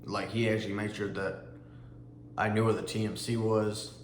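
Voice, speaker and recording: Man, lowish voice, casual rambling storytelling, echoey room, faint background hum. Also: little pitch movement, normal speed. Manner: rambling with frequent fillers and restarts, occasional swearing. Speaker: Army veteran vlogger.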